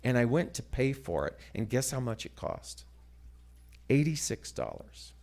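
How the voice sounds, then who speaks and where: A man telling a story as a sermon, dramatic and animated, dropping to hushed asides. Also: medium pitch, a little slow. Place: church sanctuary.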